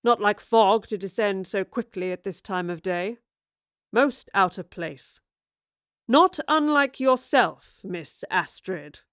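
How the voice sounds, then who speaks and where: A woman's voice: mid-range voice, takes it slowly, no echo, studio quality. A woman doing a cold, menacing man. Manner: cold and calm, then screaming in rage. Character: cold, intense, menacing man guarding his target.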